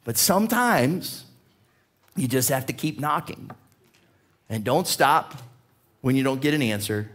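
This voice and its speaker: A man preaching a sermon as a pastor, telling a personal story in an animated way, his voice climbing as the tale builds. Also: medium pitch, a little slow, pauses often. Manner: animated storyteller, voice rising with excitement. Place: church.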